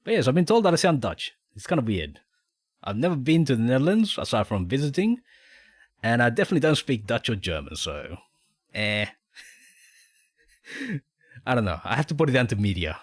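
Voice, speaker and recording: A man streams a game in a dry recording, faint game music underneath, chatting casually with a mixed Spanish and Australian accent from his native Spanish. His medium-pitched, slightly rough voice is very animated and fairly quick, with frequent pauses, rambling and chuckles.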